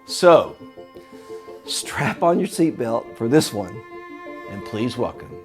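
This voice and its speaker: A man's voice: medium pitch, sing-song, measured pace, faint music behind. A man hosting a charity fundraiser, reading announcements and introducing a comedian in an earnest way. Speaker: event host. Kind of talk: scripted event announcement.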